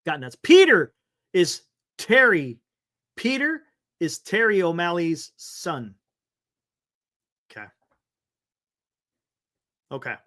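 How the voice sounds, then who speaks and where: A man's voice: high-pitched, big pitch swings, slow, pauses often, pushed and bright. A man hosting a live sports stream, chatting loosely, reading viewer comments and laughing often.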